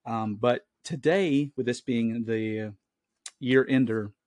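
He's a man in his late twenties talking slowly on his own Christian podcast, recorded at home with his family in the next room. The talk is casual, solo, earnest and rambling. His voice is medium-pitched and a little mellow, with no echo.

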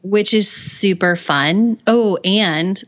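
A woman's voice: mid-range voice, slow. Bubbly woman co-host, slightly muffled. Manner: bubbly, enthusiastic, many likes and ums. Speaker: podcast co-host. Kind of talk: casual chat. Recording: slightly dull, muffled sound.

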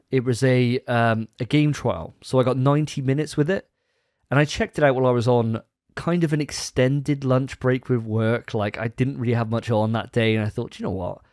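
A man with a mid-range, darkish voice co-hosts a gaming podcast, recorded dry at studio quality. He chats casually and rambles, restarting and correcting himself as he goes.

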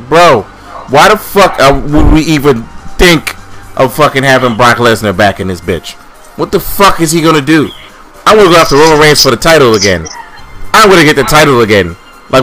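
A man's voice: a little high, fairly bright tone. A man ranting angrily on a casual podcast, swearing often as he complains. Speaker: podcast co-host.

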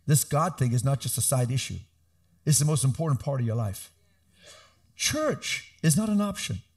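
A middle-aged male pastor preaching an animated sermon with emphatic calls to the congregation. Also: mid-range voice, moderate pace.

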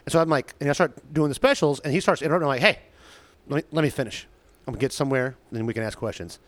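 A man's voice: mid-range voice, racing, no echo. Wry man in dry close sound. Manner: chatty, wry, teasing. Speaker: server. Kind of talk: casual storytelling chat.

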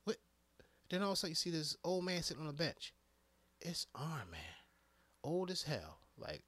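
A man who works as an EMT, ranting casually and profanely about a movie, swinging between hushed asides and loud outbursts. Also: on the high side, very animated, moderate pace, long pauses, no room sound. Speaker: EMT giving movie reactions. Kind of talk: casual rant to camera.

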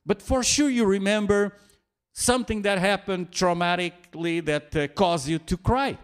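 A man preaching a sermon with many restarts, fillers and soft chuckles. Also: high voice, normal speed, clean tone. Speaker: pastor.

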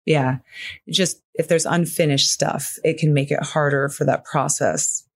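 Halting middle-aged woman, soft and reflective. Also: sits low, steady tone, slightly rough. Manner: halting, full of "you know" fillers. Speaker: podcast guest. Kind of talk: conversational interview.

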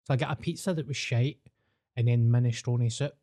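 A man's voice: mid-range voice, a little fast, mellow. A man with a Glaswegian Scottish accent, chatting casually and telling dry, complaining anecdotes. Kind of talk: casual chat.

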